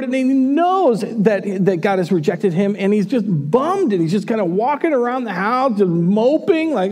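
A male pastor preaching a sermon in a church, telling the story in an animated, casual way. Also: high-pitched.

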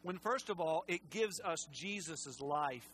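Man, pastor, sermon, impassioned, emotional, loud then hushed, slightly high voice, faint hum. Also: expressive, a little slow, rough recording. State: emotional, near tears. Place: church sanctuary.

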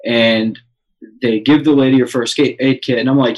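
A man's voice: medium pitch, normal speed, poor audio. A young man telling a wild story in casual chat, swearing often and filling with "like" and "um". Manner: excited, swears a lot, many fillers.

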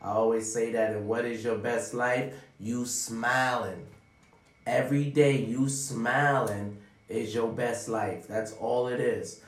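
A man delivering a profane, preachy motivational monologue straight to his viewers, often calling out "ladies and gentlemen.". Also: medium pitch, steady tone, slow, recorded from a distance. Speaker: vlogger giving life advice. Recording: roomy sound, away from the mic.

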